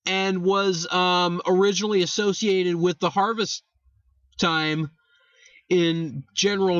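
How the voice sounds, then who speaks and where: A man's voice: high-pitched, fairly bright tone, dry recording, highs cut off. A young man hosting a casual history talk, rambling, correcting himself and swearing for emphasis. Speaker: host.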